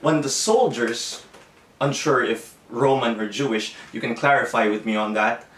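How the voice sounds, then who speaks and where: This pastor has a medium-pitched, slightly bright voice and speaks at a normal pace. Preaching earnestly from a home room, he keeps restarting his phrases to correct himself, and the distant, off-mic placement leaves the sound echoey.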